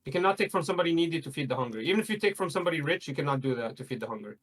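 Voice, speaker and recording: Man guest in a heated debate, fairly high voice, insistent, repeats points, emphatic bursts. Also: lively intonation, rapid-fire, a bit bright, low-quality recording. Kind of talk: heated debate on religion and morality.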